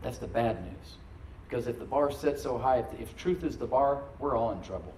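A man preaching a sermon, swinging between loud, emphatic surges and quiet, confiding asides, and calling on the congregation to answer back. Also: medium pitch, animated, a little fast, roomy sound, recorded from a distance, slight background noise, poor audio. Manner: calls for responses from the congregation. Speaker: pastor.

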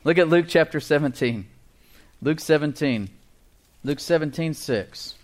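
Preaching in a voice on the high side, the middle-aged pastor reads scripture with slow emphasis and chuckles as he moves between points. He also leads his congregation in call-and-response.

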